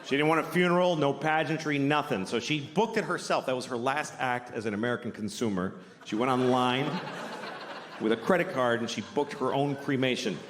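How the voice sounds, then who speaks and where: A middle-aged man doing a deadpan stand-up comedy set, now and then breaking into loud shouted bits. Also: medium pitch, fairly quick. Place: comedy club stage before a laughing audience. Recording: roomy live club recording, noisy.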